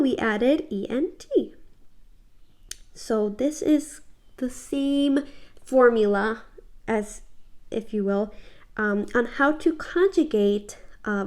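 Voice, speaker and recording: Young woman teacher, casual lesson, slow careful delivery, fairly high voice. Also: darkish tone. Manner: slow, careful, repeats words for practice. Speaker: French teacher.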